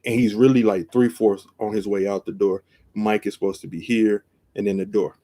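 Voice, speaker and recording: A man telling a story on a live stream, acting out each line and jumping from quiet to loud, seated at his desk camera. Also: flat delivery, normal speed. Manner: acts out every quote, jumps from low to loud. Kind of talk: animated storytelling.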